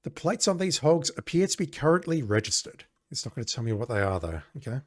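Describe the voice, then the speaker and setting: A man's voice: medium pitch, very animated, fast, no echo, studio quality. A man casually playing an old adventure game, reading its text aloud and making wry, sarcastic asides. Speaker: let's play gamer.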